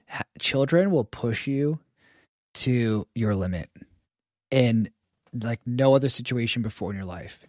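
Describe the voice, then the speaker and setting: A man chatting as a podcast guest, telling stories in a lively way and acting out the people he quotes. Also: mid-range voice, no echo, studio quality. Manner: animated storyteller who acts out quoted people. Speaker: podcast guest, stay-at-home father. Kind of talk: casual podcast conversation.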